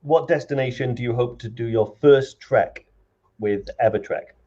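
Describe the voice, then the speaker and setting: A man from Wales co-hosting a casual video call chat, firing off quick quiz questions in a laid-back way. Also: mid-range voice, dark tone, lo-fi sound. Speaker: co-host.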